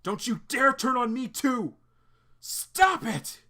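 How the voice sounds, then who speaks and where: A man voicing a violent, domineering teenage boy who screams his lines in a strained, high-pitched voice. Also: sing-song, takes it slowly, bright, forceful tone, heavily acted. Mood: frantic.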